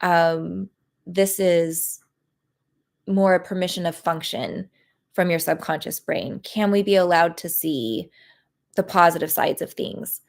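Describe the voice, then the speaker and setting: A woman leading a live guided tapping session, talking in a gentle, encouraging way with many pauses and fillers. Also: on the low side, creaky. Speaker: EFT tapping practitioner.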